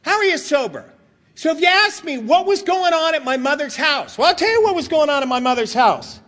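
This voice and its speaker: High, lively joking man. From Southern California. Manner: quick, joking delivery, acts out voices of friends. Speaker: speaker at a recovery convention. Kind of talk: comedic storytelling talk. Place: large hotel meeting hall.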